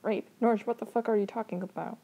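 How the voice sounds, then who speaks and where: A crude, mocking young man who brushes off blame, read aloud by a woman. The voice stays at a medium pitch with a sarcastic, defensive edge. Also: fast, dark tone, natural voice.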